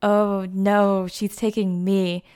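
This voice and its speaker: Bratty younger sister, as a woman quotes her, clear, smooth voice. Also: mid-range voice, fast talker, lightly acted. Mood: smug. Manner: casual, mocking paraphrase.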